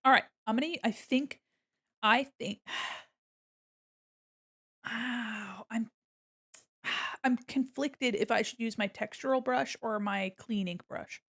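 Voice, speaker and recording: A woman's voice: fairly high pitch, slow, gravelly, long pauses, fairly bright tone. A woman streamer chatting casually to her viewers while she draws, talking herself through each step with silly jokes and bursts of laughter. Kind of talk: casual chat while drawing on a livestream.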